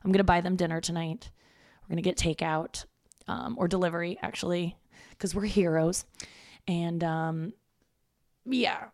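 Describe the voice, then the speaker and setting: Her voice is lowish, darkish and steady, at a moderate pace with frequent pauses. She's a St. Louis comic in her thirties recording a casual solo podcast at her parents' home, rambling self-deprecatingly and cursing freely, captured dry with clean studio sound.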